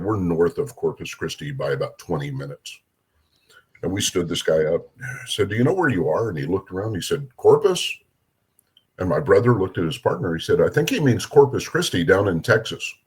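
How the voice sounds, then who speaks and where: A man's voice: low voice, a little fast, husky. A middle-aged man from Minnesota, a police officer, telling casual stories and acting out the voices of the people in them. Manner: animated, acts out voices in his anecdotes. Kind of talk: casual storytelling.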